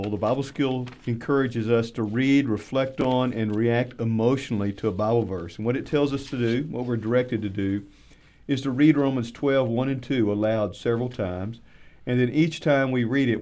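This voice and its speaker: A man's voice: medium pitch, darkish tone. A man hosting a Bible study, explaining the week's reading exercise plainly and closing the session.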